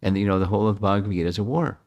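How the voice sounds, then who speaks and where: Low-voiced older man giving a scripture talk. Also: rapid-fire, darkish tone, lo-fi sound, slight background noise. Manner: reflective, repeats and restarts words. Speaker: scripture class speaker.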